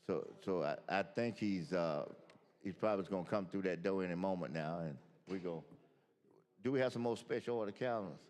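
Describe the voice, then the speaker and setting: A man's voice: low-pitched, fairly quick, darkish tone. A man, a state senator speaking informally at a floor microphone, loose and rambling with many restarts. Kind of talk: informal remarks on the chamber floor. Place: large legislative chamber. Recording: long reverb of a large hall.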